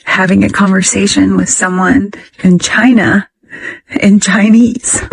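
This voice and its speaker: An older woman from the United States speaking in a halting, tearful way and at times dropping to a whisper, sharing something on a casual vlog. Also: mid-range voice, fairly even intonation, vocal fry, husky, low-quality recording. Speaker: social media poster.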